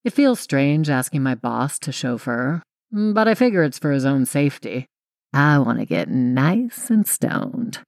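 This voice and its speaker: A woman's voice: rumbling low, very animated, measured pace, darkish tone, no echo, studio quality. A young woman reading a first-person audiobook in a wry, confiding way. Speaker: audiobook narrator.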